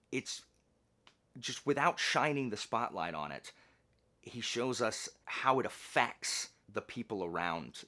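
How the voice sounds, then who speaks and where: Man, very low voice, earnest, rambling, casual book review vlog. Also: a bit bright. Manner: earnest, rambling, with many restarts and fillers.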